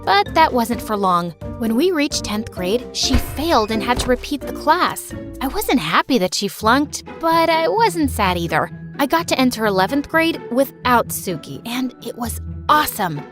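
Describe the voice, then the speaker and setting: A woman's voice: a little high, big pitch swings, normal speed, few pauses, over music. A woman narrating a first-person story in a chatty, conversational way.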